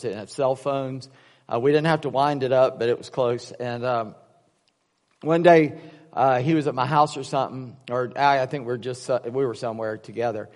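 A man's voice: medium pitch, in a large hall. A man preaching a casual sermon, rambling through personal stories with many restarts and fillers. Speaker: pastor.

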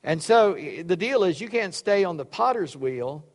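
A man's voice: high voice, animated, normal speed. Preacher man in an echoing hall. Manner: folksy, joking asides between reading. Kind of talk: sermon with scripture reading. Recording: long reverb of a large hall.

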